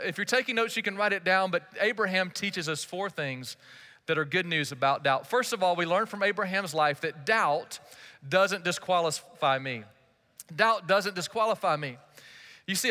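A man preaching with a high, bright voice that carries a long reverb through a church hall. He talks to the congregation in a conversational, emphatic way and keeps asking them rhetorical questions. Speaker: pastor. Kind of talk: sermon.

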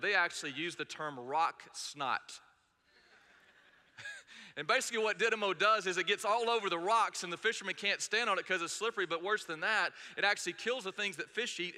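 In a church sanctuary, a middle-aged pastor preaches a sermon earnestly, telling stories and driving his points home through emphatic repetition. His voice is high-pitched and sharp, carried by the long reverb of a large hall.

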